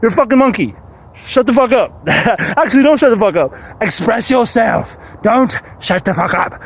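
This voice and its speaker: A man's voice: very high-pitched, normal speed. A young man rambling outdoors in the woods, swearing freely and breaking into monkey noises. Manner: animated, swearing, bursts into monkey sounds. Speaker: vlogger.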